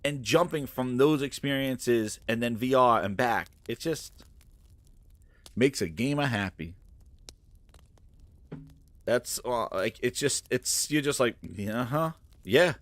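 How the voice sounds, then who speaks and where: A man hosting a gaming channel, ranting in a casual, mocking, excitable way with loose fillers. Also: medium pitch, slow, pauses often, dry recording.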